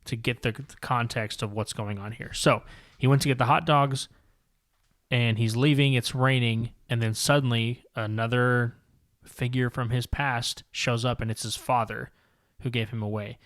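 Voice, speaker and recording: A man talking through a comic book story on a podcast, rambling and long-winded. His delivery stays fairly flat in pitch, even when he reads the characters' lines aloud. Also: moderate pace. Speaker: podcast co-host. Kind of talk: casual comic book discussion, reading panels aloud.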